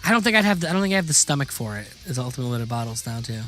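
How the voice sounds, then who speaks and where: A man hosting a podcast, chatting casually with halting restarts and casual swearing. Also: medium pitch, big pitch swings, bright, forceful tone. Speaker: podcast host. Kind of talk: casual interview chat.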